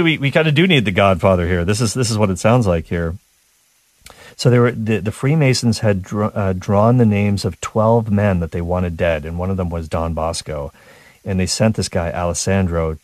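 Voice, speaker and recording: A man hosting a talk radio show, telling stories in a casual, animated way with frequent restarts and small chuckles. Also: lowish voice, dry recording. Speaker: radio host.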